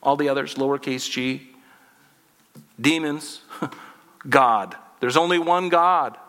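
Bright-voiced pastor preaching in a hall. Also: male voice, medium pitch, slow. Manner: conversational and humorous, acts out little dialogues. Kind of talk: sermon.

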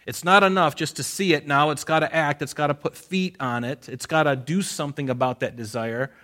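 A man's voice: on the high side, fairly quick, fairly bright tone. A man preaching a conversational Bible-study sermon, folksy, repeating phrases for emphasis and telling listeners to underline verses. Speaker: pastor.

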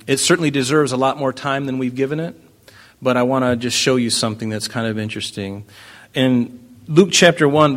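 A man's voice: medium pitch, fairly bright tone. A man preaching a sermon, reading scripture aloud and explaining it with rhetorical questions and emphatic declarations. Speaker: pastor.

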